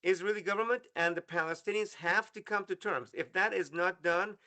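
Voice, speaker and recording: Earnest talk show host. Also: male voice, high-pitched, fairly quick, pushed and bright. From Iran. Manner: earnest, storytelling, many restarts. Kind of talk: casual live talk show chat.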